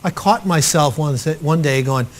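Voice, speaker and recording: A man coaching trainees on public speaking in a live workshop talk, animated and expressive, swinging between loud and soft for emphasis. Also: fairly high pitch, normal speed. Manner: animated and expressive, acts out quotes.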